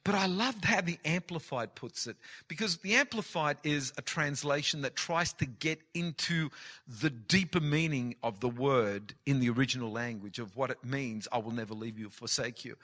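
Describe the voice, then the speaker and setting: A man's voice: medium pitch, normal speed, a bit bright. Impassioned male pastor preaching. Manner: impassioned, heavy repetition for emphasis. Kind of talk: sermon.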